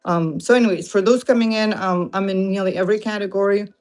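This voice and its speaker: A woman's voice: mid-range voice, steady tone, quick pace, darkish tone. A woman hosting a casual livestream Q&A, talking in a chatty, joking way with lots of fillers. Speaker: live-selling host.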